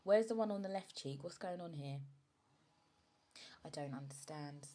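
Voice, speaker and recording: A young woman talks through a candid solo podcast in a slightly low, chatty voice. She speaks frankly and often checks in with her listener. An emotional edge runs under her words today. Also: moderate pace, mellow. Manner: frank and chatty, often asks "do you know what I mean". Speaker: podcast host.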